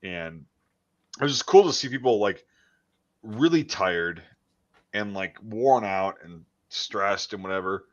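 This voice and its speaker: A man casually chatting as a podcast host, swearing often and trailing off into quiet mumbles. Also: fairly low pitch, animated, a little slow, long pauses, highs cut off. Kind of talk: casual chat.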